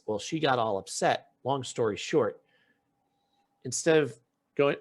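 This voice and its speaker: A man with a mid-range voice takes his time and pauses often as he hosts a podcast. He's recounting a story in casual talk, performing the quotes along the way, with frequent restarts to his sentences.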